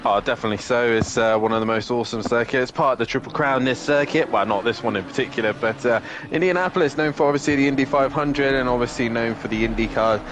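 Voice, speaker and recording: A man's voice: medium pitch, quick pace, few pauses. A man co-commentating a sim racing broadcast in a casual, rambling way with many fillers.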